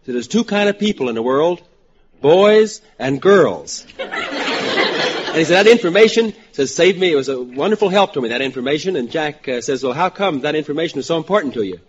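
A man with a West Virginia accent, pitching jokes on a radio panel in a drawling, up-and-down lilt. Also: expressive, brisk. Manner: drawling, with a rising and falling sing-song lilt. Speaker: comedy writer panelist. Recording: muffled old radio broadcast, studio noise.

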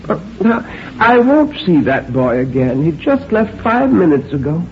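A man's voice: high voice, very animated, unhurried, muffled recording, a little hiss or hum, full character voice. An actor playing a stubborn, tart old woman on her deathbed, querulous and scolding in a radio drama. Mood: testy.

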